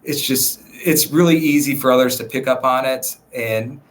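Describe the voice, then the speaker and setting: A man who works as a real estate agent, a podcast guest chatting in a relaxed, rambling way with many fillers. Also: medium pitch, normal speed. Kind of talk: casual podcast conversation.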